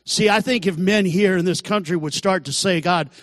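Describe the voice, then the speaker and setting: A man's voice: high voice, moderate pace, a bit bright, no room sound, clean studio sound, in a large hall. A man telling his recovery testimony in an earnest storytelling way, sermon style. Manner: earnest storytelling, acts out quoted voices. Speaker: testimony speaker.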